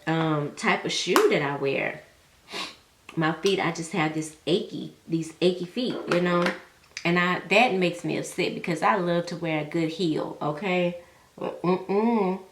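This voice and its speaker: A woman's voice: lowish voice, slow pace, echoey room, background noise. A young woman chatting casually to her viewers while she does her makeup, heartfelt and full of slang. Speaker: beauty vlogger.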